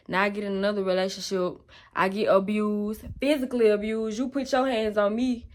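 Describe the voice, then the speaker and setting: Young woman, raw emotional storytime to the camera, mid voice. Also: medium pitch. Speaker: vlogger. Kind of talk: personal testimony storytelling.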